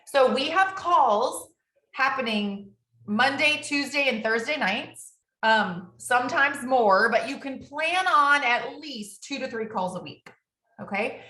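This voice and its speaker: A woman coaching a business team in an energetic, upbeat way, often ending her points with quick tag questions. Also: high voice, echoey room.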